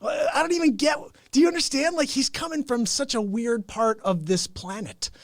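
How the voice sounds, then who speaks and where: A man hosting his show with an improvised, rambling comic rant, mock-indignant and animated. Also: very high-pitched, normal speed, dry recording, clean studio sound. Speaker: host.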